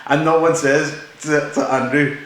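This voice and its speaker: Guy telling a mad night-out story on a podcast, kinda high voice, loads of laughing, echoey room. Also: fairly even intonation, unhurried. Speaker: podcast host. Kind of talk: casual storytelling chat.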